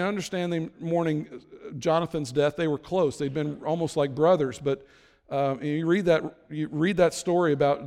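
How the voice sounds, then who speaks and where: A man preaching a sermon, retelling a Bible story in an animated way and slowing down to drive points home. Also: on the high side, long reverb tail. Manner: animated storytelling, slows down for emphasis. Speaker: pastor.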